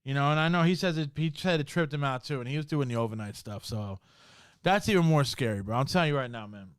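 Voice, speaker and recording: A man's voice: mid-range voice, lively intonation, fast, smooth, no echo, studio quality. A man hosting a podcast, telling a spooky story from work in a casual, slangy way, full of swearing and "bro". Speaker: podcast host.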